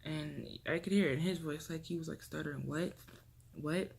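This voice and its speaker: A young woman vlogger telling a personal story to camera, emotional and halting, often trailing off softly. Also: sits low, steady tone, vocal fry, breathy edge. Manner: emotional, halting, with restarts and soft drops.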